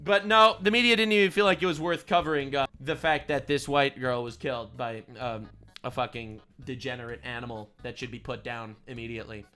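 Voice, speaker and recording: A man's voice: medium pitch, fairly even intonation, fairly quick, bright, forceful tone, smooth, faint music behind. A man delivering ranting commentary, sarcastic and full of profanity, with angry outbursts. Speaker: online commentator.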